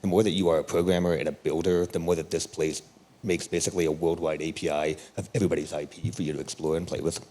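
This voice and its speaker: A man speaking as a panelist on a theater stage, excited and emphatic. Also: rumbling low, quick pace, slight background noise. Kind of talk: conference panel discussion.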